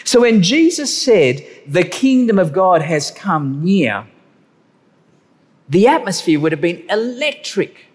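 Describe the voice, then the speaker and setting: A man preaching a sermon, animated and drawing out key words slowly for emphasis. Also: sits high, breathy edge. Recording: long hall reverb.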